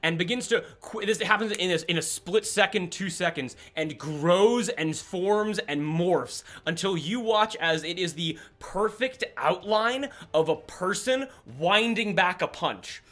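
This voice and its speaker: A man narrates a tabletop game as game master, rambling with restarts as he builds scenes. His voice sits high and bright, with a forceful ring. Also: animated, measured pace, hardly any pauses.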